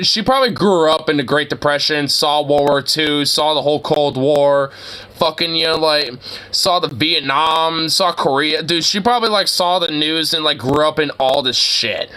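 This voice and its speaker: A man's voice: on the high side, sharp tone, smooth. A man co-hosting a casual reaction show, rambling and exasperated with lots of filler words. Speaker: co-host reacting to a video. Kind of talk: casual profane reaction commentary.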